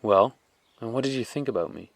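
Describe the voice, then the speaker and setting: A man voicing an affectionate, excitable little boy who talks in a high, eager childlike way. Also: a little fast, vocal fry. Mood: chattering.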